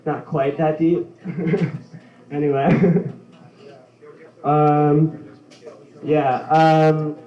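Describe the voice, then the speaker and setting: A man does a rambling stand-up set, full of filler words and giggles at his own lines. His voice sits a little high. The live recording sounds roomy and muffled. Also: level tone, dark tone. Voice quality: halting, filler-heavy delivery with frequent giggles. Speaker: stand-up comedian. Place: comedy club stage.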